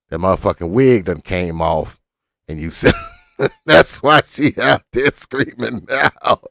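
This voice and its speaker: A man hosting a show, giving crude, mocking reaction commentary on a video and acting out other voices in quick asides. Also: lowish voice, vocal fry, fairly bright tone, dry recording, clean studio sound. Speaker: host.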